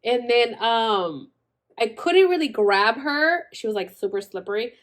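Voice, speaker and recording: A woman's voice: fairly high pitch, animated, a little slow. A young woman vlogger telling her birth story in a chatty way, full of "like" and "girl", acting out the other people's lines. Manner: chatty, says "like" and "girl" constantly, acts out quoted voices. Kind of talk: casual storytelling.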